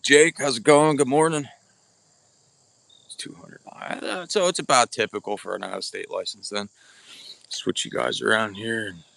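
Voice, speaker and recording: A man's voice: on the low side, vocal fry, fairly bright tone, no echo. Chatty bowhunter man, dry sound. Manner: chatty, greets viewers by name, blunt and informal. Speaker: bowhunting livestream host. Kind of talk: casual live-stream chat. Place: outdoors at an archery practice spot. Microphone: camera or phone mic without external microphone.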